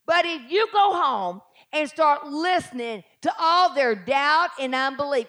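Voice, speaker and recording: Woman, high voice, middle-aged, preacher, live sermon, hushed asides, shouted declarations. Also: animated, measured pace, hardly any pauses. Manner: acts out doubting voices in a low mutter.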